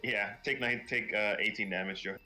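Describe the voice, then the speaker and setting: A man narrating a tabletop game as dungeon master, often laughing and pausing with fillers. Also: on the low side, steady tone. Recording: soft music behind.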